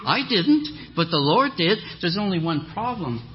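A man preaching a sermon as a guest speaker, telling a lively story and acting out the voices of the people in it. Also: high voice, normal speed, muffled recording, a little hiss or hum. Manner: animated storyteller, acts out quoted voices. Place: church hall.

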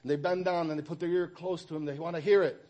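Halting middle-aged man giving testimony. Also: on the high side, fairly even intonation, mellow. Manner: halting, with frequent restarts and fillers. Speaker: testimony speaker at church. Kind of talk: personal testimony. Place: church.

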